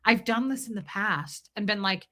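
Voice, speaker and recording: A woman's voice: medium pitch, moderate pace, pushed and bright. A woman hosting a livestream, chatting casually and reading viewers' comments aloud. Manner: chatty, reads chat aloud, giggly. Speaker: livestream host.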